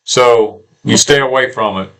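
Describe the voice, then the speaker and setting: A man's voice: medium pitch, measured pace, gravelly, a bit bright, poor audio. A man with a Southern US accent co-hosting a homestead channel, talking bluntly and repeating himself in casual porch chat.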